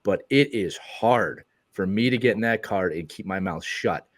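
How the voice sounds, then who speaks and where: Podcast host guy, middle-aged, stops and restarts alot, opens up about parenting. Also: on the low side. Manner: halting, repeats words, candid. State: emotional. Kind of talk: casual interview chat.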